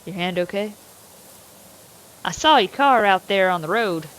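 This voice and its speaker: A woman voicing a calm, plain-spoken male sheriff in a game. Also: medium pitch, measured pace, pitched below the performer's own voice, poor audio. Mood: steady.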